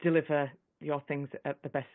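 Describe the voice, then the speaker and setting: A man's voice: a little high, flat delivery, normal speed, dry recording. A man hosting a live online interview, reading viewer questions and adding brief affirming interjections. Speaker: host. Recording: tinny dry call line.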